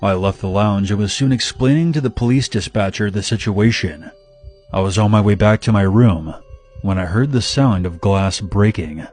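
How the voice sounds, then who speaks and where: A man narrating a scripted first-person horror story in a steady, dramatic way. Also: lowish voice, moderate pace, soft background music.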